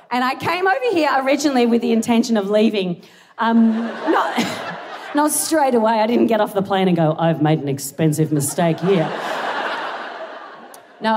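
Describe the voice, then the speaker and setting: A young Australian woman doing a rambling, self-deprecating stand-up set on a big theatre stage, giggling between jokes. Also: fairly high pitch. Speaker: stand-up comedian. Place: large theatre stage before a live audience. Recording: live theatre recording with audience noise.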